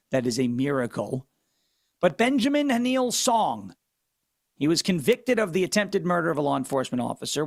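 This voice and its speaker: Guy doing talk radio, high pitched, dry close mic, mocking and punchy, leans hard on words. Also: no room sound. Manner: sarcastic, mocking, punchy emphatic delivery. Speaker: radio talk show host. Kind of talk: opinionated political talk radio monologue.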